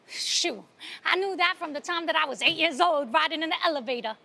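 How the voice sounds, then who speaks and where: Streetwise New woman, high bright voice. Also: moderate pace. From Brooklyn, New York. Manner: streetwise, animated storytelling. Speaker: host and playwright. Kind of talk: solo theatre monologue and show hosting. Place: outdoors in front of a cafe.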